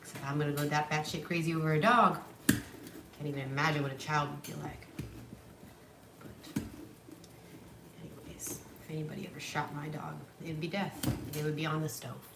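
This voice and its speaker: Livestreaming from a room in her house, a young vlogger speaks fast in a deep, steady voice. She tells blunt, profane stories and coos at her dogs in between, and the recording is noisy and echoey from a far-off mic.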